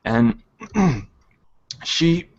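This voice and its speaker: A man narrating as game master, halting and full of ums and restarts. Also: fairly high pitch, very animated, lo-fi sound. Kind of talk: narrating a tabletop game over a call.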